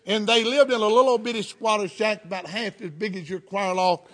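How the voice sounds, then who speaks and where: Male preacher, Southern US accent, middle-aged, high voice, folksy sermon storyteller. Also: steady tone, a little fast, fairly bright tone. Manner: folksy storytelling with fervent interjections.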